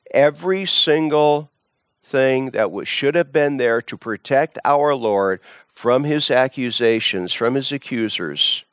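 A man's voice: mid-range voice, no echo. A man teaching from the Bible, emphatic, often repeating words and restarting phrases.

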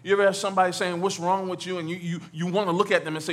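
A man preaching a lively sermon in church, swinging from near shouts to low, quiet lines, with stammered repeats and playful asides. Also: fast talker, few pauses, breathy edge. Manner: animated, rises to shouts and drops low.

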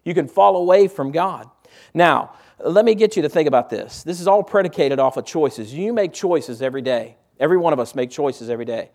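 A pastor whose voice is a little high and a little mellow preaches in a church auditorium. He keeps it conversational, leaning on rhetorical questions.

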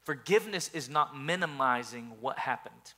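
A man's voice: mid-range voice, animated, normal speed, sharp tone. A male pastor preaching a sermon earnestly, often repeating words as he builds his points.

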